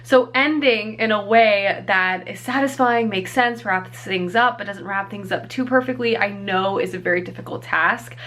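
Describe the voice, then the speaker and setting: At a moderate pace with hardly any pauses, a young woman with a medium-pitched, somewhat bright voice vlogs casually from home on a handheld camera. Her chat is heavy with fillers and self-deprecating asides.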